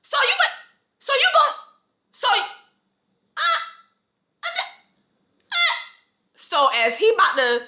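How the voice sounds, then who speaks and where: A woman rants through a comedic TV recap, her voice high and bright. She swears freely, laughs often and acts out the characters in quick bursts. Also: wildly swooping pitch. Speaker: recapping a TV episode.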